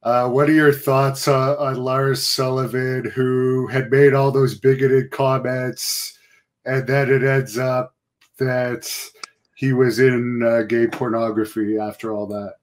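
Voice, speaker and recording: A man's voice: medium pitch, level tone, takes it slowly. A man interviewing wrestling guests, reading viewer questions.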